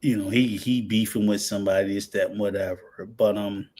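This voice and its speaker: A man in his fifties chatting casually on a podcast, halting with many fillers and restarts, then ranting with heat. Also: lowish voice, steady tone, a little mellow. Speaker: podcast host.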